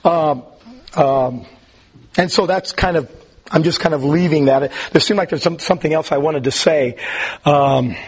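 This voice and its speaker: A man with a slightly high, husky voice teaches a Bible class. He rambles in a chatty, informal way, stopping for ums and restarting his sentences. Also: moderate pace.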